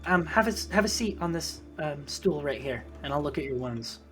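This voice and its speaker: A tabletop game master voicing a gentle female healer who speaks softly and haltingly. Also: mid-range voice, expressive, faint music behind, lightly acted.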